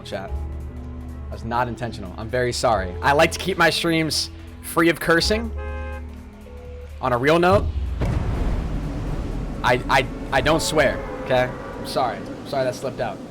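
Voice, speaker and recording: Male streamer, mid-pitched, lively chat-facing commentary over faint game music. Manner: lively, talks straight to chat, quick apologies. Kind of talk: live gameplay commentary and chat shout-outs.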